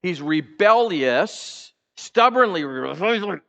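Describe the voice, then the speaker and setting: A male pastor preaching a sermon, animated, acting out the characters' voices and putting questions to the congregation in a church. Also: sits high, moderate pace, creaky, muffled recording. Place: church sanctuary.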